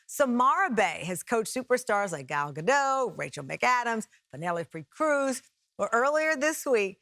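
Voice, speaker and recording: A woman presents a talk show in a high, bright voice. Her pitch swings widely as she talks, lively and playful. The studio sound is dry and close. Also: no room sound.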